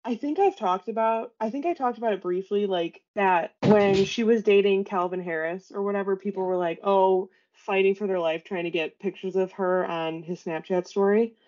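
A woman with a Chicago accent hosting a podcast, chatting casually and swearing freely as she tells animated stories. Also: medium pitch, normal speed, few pauses. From Chicago area, USA. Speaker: podcast host. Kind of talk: casual chat. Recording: dull lo-fi audio.

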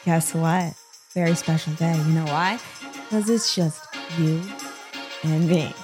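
A woman's voice: low-pitched, slow pace, a little mellow, faint music behind. A woman from the US Midwest with a Midwestern American accent, hosting a solo podcast in a chatty, playful way and talking straight to her listeners. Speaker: podcast host. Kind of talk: casual solo podcast talk.

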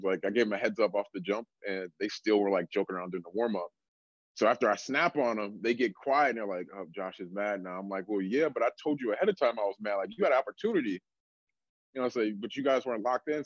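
A young adult man, a strength coach, telling stories in a relaxed casual way, full of fillers. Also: fairly low pitch, fast, no echo, muffled recording. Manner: relaxed storytelling, many fillers like "like". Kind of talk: casual podcast conversation.

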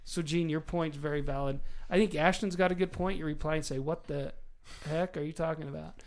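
A man in his forties, a father hosting a casual family chat, telling animated stories and laughing often as he goes. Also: on the high side, fairly quick. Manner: animated storyteller, laughs often, does voices for quoted people. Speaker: father, podcast host.

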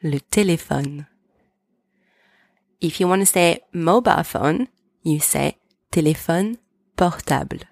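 Lady teaching vocab, slow and careful, kinda gravelly low voice, dry sound. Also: darkish tone, dry recording. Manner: slow, careful enunciation of words. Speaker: French teacher, podcast host. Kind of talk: language lesson with repeat-after-me drills.

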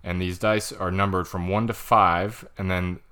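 A man's voice: low-pitched, level tone, normal speed, bright, forceful tone, smooth. A man hosting a casual board game review, explaining the rules step by step and laughing easily. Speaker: podcast host.

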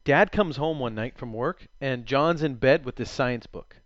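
A man interviewing a guest in a relaxed, casual chat, sharing anecdotes. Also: mid-range voice, measured pace, no room sound, dull audio. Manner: relaxed, brief affirmations and anecdotes.

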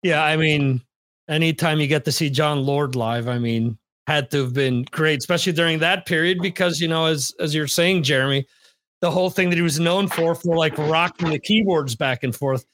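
A podcast host, a man with a fairly high voice, chatting casually and rambling through restarts and fillers. His sound is close and dry, with no room around it. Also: moderate pace, fairly bright tone, no echo. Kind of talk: casual chat.

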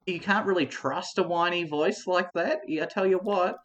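A rambling male podcast co-host with a slightly high voice, talking himself into a comic mock debate. He trails off, restarts and laughs as he goes, in a loose, conspiratorial manner. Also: moderate pace, fairly bright tone, dull audio.

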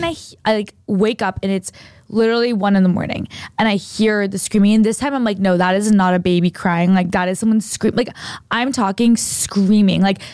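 Speaking at a medium pitch, a young woman tells a long, meandering story for a podcast with lots of animation. "Like" fills nearly every sentence. The sound is clean studio audio without echo.

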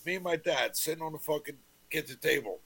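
High gravelly man with husky voice. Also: fast talker, fairly bright tone. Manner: profane, tells family anecdote with quoted dialogue. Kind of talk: casual sports chat.

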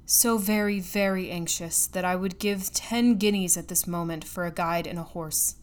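An anxious young husband, urgent and eager in his speech, as a woman reading a storybook puts him on. The voice is a touch low at base. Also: fairly even intonation, normal speed, natural voice.

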